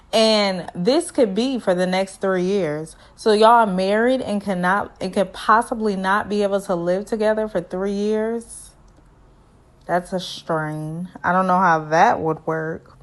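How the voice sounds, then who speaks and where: Brief: young woman, casual reality-show recap host, sassy and animated, mid pitch. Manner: sassy, animated, lots of asides to viewers. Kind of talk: casual review commentary.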